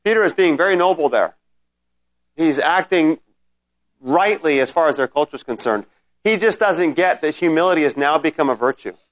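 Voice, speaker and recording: A man's voice: fairly high pitch, animated, normal speed. A man teaching a Bible study class in a conversational way, often checking in with his listeners and restarting his sentences.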